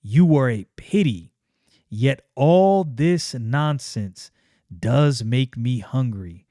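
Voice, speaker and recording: A man doing a gloating, inhuman male sorcerer who hungers for his victims' fear. He stretches every threat out slowly and lets it sit. The sound is dry, with no room around it. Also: medium pitch, animated, mellow, dry recording. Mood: menacing. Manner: slow, drawn-out menacing delivery.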